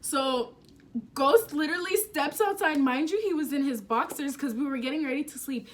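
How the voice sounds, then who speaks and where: A young woman telling a story to the camera at home, animated and casual, swearing freely and using slang. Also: high-pitched, moderate pace, slight background noise. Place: home, indoors.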